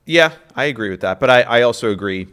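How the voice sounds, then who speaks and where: A man's voice: mid-range voice, animated, fast talker, fairly bright tone, clear, resonant tone. A man co-hosting a podcast, ranting with emphasis about annoying habits. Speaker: podcast co-host. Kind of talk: casual chat.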